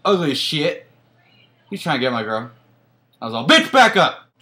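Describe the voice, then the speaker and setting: A man's voice: mid-range voice, animated, normal speed, a bit bright, close to an everyday voice. A man playing a cocky young male vampire boyfriend, boasting in crude slang in a comedic parody monologue.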